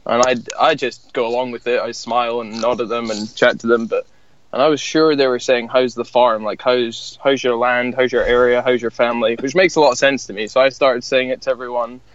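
A Scottish man tells stories in a relaxed, rambling, self-deprecating way as a podcast guest. His voice is mid-pitched and the sound is a little dull. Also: brisk. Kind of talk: casual storytelling chat.

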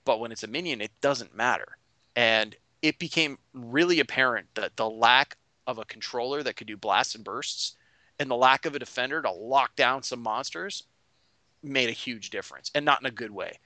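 A man who is a game master, recapping a tabletop session in animated casual chat. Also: mid-range voice, moderate pace, no echo.

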